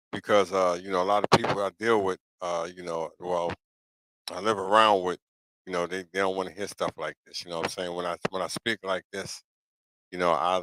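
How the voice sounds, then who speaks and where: Host, male, middle-aged, New York accent; low voice, dry close sound; loose streetwise sermonizing to a live audience. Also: fairly bright tone, no echo, low-quality recording. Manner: preachy, repetitive, keeps asking "you know what I'm saying?". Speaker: live talk show host. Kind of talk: casual livestream monologue.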